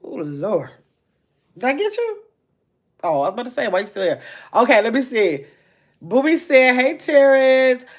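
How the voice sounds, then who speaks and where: Fast-talking woman hosting a livestream. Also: on the high side, slightly rough. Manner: talks fast, says so herself; lively, chatty, laughs easily. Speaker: livestream host. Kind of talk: casual livestream chat, reading comments aloud.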